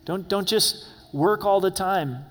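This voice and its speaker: A male pastor with a high-sitting voice speaks slowly, reading scripture aloud verse by verse and addressing the congregation directly with light humor. The recording carries a long, echoey hall reverb.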